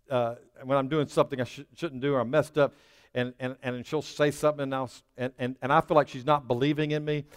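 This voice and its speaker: High-voiced preacher in a reverberant hall. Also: male voice, smooth. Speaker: pastor. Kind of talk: sermon.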